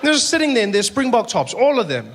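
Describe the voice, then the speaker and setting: Animated South African comedian, pitch jumping high. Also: male voice, quick pace, noisy background. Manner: animated storytelling with sudden jumps into high mock outrage. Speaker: stand-up comedian. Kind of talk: stand-up comedy set. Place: comedy stage before a live audience.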